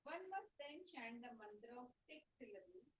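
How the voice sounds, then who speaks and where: A woman reading a scripture translation aloud in a class, slowly and carefully, word by word. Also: a little high, lively intonation, poor audio. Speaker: scripture reader.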